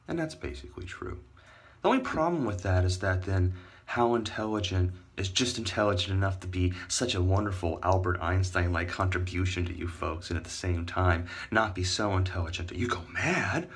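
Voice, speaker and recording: A man's voice: sits low, lively intonation, a little fast. A man ranting to his viewers in a casual vlog, rambling, sarcastic and swearing, talking straight to his audience. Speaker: vlogger.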